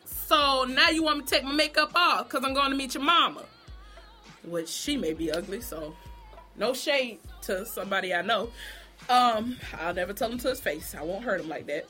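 Bright, blunt, foul-mouthed woman vlogger. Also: fairly high pitch, moderate pace, soft background music. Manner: blunt, profane, sassy, laughs often. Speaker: vlogger reviewing a TV show. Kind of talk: casual opinionated monologue.

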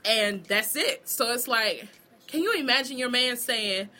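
A woman vlogger delivering an animated, profane comedic gossip rant straight to her viewers. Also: on the high side, measured pace, soft background music.

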